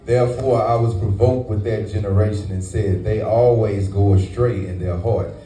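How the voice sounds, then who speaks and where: Mellow-voiced man reading scripture aloud. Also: fairly low pitch, fairly even intonation, normal speed, a little hiss or hum. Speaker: scripture reader. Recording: echoey room, mic far off.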